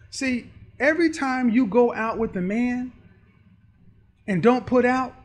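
A man's voice: high voice, a bit bright. A man giving emphatic, preachy dating commentary, acting out the people he talks about. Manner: emphatic, preachy, acts out quoted voices. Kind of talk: lecturing commentary.

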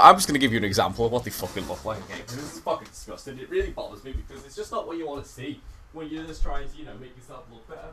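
A young man, ranting in a comic vlog, swearing and acting out gym scenes. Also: a little high. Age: young adult. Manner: animated, sweary, acts out scenes. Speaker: comedy vlogger. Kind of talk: comedic rant to camera.

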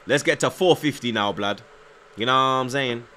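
A man's voice: mid-range voice, moderate pace, pushed and bright, a little hiss or hum. A young man, chatting casually on a live football stream, reading out viewer comments, nervous but hyped. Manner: slangy, repeats himself, reads out chat, nervous yet hyped.

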